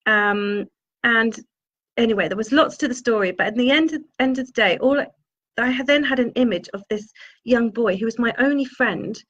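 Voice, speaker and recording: A woman's voice: on the high side, moderate pace, fairly bright tone. A woman, a spiritual healer, telling a personal story in a meandering way and searching for her words. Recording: dull lo-fi sound.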